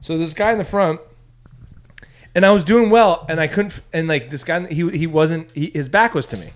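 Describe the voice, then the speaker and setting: A young man, a stand-up comedian, telling a story in casual chat, rambling with restarts and bursting into loud voices for other people. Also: a little high, moderate pace. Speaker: stand-up comedian, podcast co-host.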